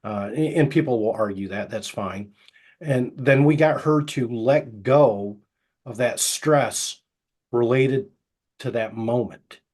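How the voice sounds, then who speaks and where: A middle-aged man who works as a hypnotist, telling anecdotes casually and acting out the quoted dialogue, with a soft, slow voice for the hypnotic suggestions. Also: mid-range voice. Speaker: hypnotist guest. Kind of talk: casual storytelling interview.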